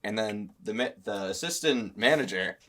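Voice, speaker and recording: A man's voice: fairly low pitch, moderate pace. A young man hosting a casual chat, reacting with frequent laughter. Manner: laughs often, lively reactions. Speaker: host.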